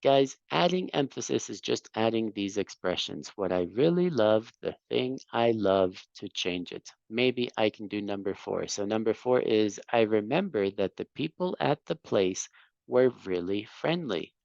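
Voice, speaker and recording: Man, English teacher, gravelly voice, patient explaining, dry muffled sound. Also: on the low side, expressive, unhurried, a little mellow, no echo. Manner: patient, explains and corrects, rises on praise. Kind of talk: classroom teaching.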